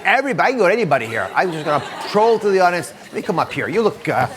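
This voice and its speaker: Fast-talking male TV host, slightly high voice, upbeat and chatty. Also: very animated, crowd noise, background noise. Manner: upbeat, brisk, chatty with guests. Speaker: TV talk show host. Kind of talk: energetic studio talk show hosting.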